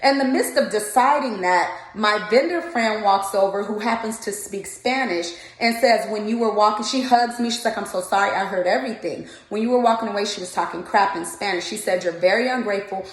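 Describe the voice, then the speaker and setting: A woman's voice: medium pitch, a little fast, few pauses, reverberant, poor audio. A woman vlogger telling an indignant storytime rant to camera, acting out the people in her story. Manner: indignant, retells dialogue in quoted voices. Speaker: vlogger, mobile candle vendor.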